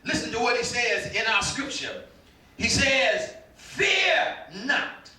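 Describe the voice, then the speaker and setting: Male pastor, fervent sermon delivery, slow and bright; recorded far off in a very reverberant sanctuary. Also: very high-pitched, sing-song. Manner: fervent preaching, shouting and half-singing, repeated stammered starts. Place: church sanctuary. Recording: very echoey room, mic at a distance.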